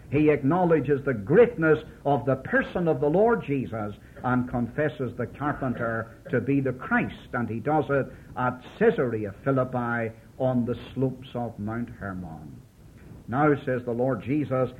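A man's voice: fairly high pitch, expressive, unhurried, slightly rough. A man preaching an expository Bible sermon, declaiming and rising in emphasis as he quotes scripture. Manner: declaiming with emphatic rises when quoting scripture. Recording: tinny lo-fi old tape recording with faint hiss.

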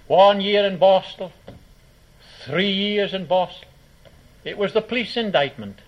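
A high-voiced man preaches, acting out the quotes in his stories and swinging from booming to hushed. The recording is dull and lo-fi. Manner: dramatic storytelling with acted quotes and sudden loud and soft swings. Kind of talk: sermon.

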